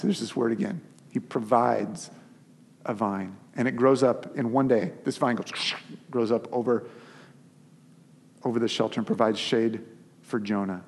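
A man preaching a sermon as a pastor, telling the story in an animated, conversational way. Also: medium pitch, breathy edge. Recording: long hall reverb.

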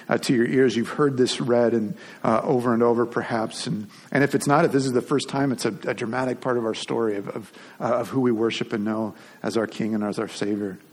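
Pastor guy giving a sermon, kinda husky voice, chatty, lots of restarts. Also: mid-range voice, darkish tone. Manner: conversational, with frequent restarts and repeated words.

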